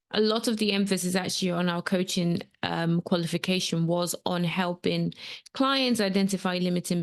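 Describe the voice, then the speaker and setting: A woman hosting a solo coaching podcast, talking casually with frequent ums and rambling asides. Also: medium pitch. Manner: chatty, rambling, with many ums. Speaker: podcast host and transformational coach. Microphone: camera setup at home.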